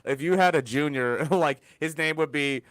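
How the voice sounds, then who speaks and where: A man's voice: a little high, moderate pace, fairly bright tone, no echo. A young man co-hosting a casual podcast, laughing often and chiming in with crude jokes. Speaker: podcast co-host.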